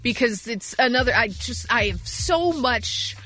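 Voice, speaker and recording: A woman co-hosting a radio show, reading entertainment news in casual chat, animated and sarcastic, quick to laugh. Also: a little high, faint music behind.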